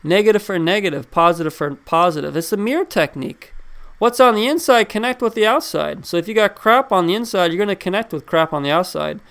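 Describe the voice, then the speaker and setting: A man with a high, smooth, resonant voice gives a casual motivational talk. He speaks in a loose, conversational way, asks his listeners questions and repeats key words to hammer his points home. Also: animated, fairly quick, fairly bright tone. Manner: addresses listeners directly with questions. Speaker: self-help speaker.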